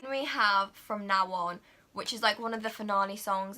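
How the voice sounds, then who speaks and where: Gushing young woman, bright voice. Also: mid-range voice, fairly quick. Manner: gushing, excitable, full of "like" and "oh my God". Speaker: vlogger reviewing a film. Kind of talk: casual chat.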